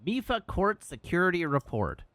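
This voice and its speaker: Guy doing lets play commentary, teasing and joking, high voice, bouncy pitch. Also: very animated, normal speed, fairly bright tone, soft background music. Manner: playful, teasing, reads chat aloud, laughs often. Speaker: streamer playing a video game. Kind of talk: casual let's-play commentary.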